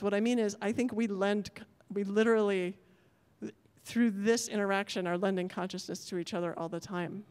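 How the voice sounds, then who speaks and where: A woman's voice: medium pitch, steady tone, brisk, a little mellow, smooth. A woman giving a conference talk, thoughtful and often correcting herself as she goes. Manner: thoughtful, self-correcting, apologetic about technical glitches. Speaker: conference speaker. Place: large lecture hall. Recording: long hall reverb.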